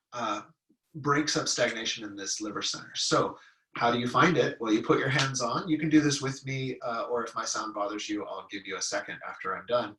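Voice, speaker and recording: Bright-voiced man guiding a meditation. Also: mid-range voice, slight background noise. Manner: calm, soft-spoken guidance with long chanted vowel tones. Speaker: meditation teacher. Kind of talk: guided healing-sound meditation. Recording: echoey room, mic at a distance.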